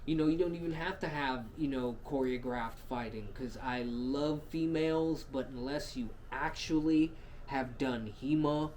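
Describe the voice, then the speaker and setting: A man co-hosting a podcast, telling stories in casual chat, full of swearing and quick asides. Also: medium pitch, slight background noise. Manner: animated, profane storytelling with frequent laughs. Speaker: podcast co-host.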